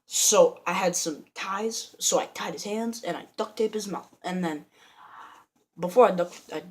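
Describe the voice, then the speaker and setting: A woman's voice: fairly low pitch, a little slow, breathy edge. A woman vlogger telling a rambling, joking made-up story with lots of slang, giggling and mumbled asides.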